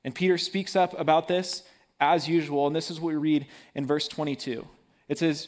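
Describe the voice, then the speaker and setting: Male preacher, relaxed slangy sermon delivery, voice a touch high. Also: moderate pace. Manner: casual, animated preaching with slang.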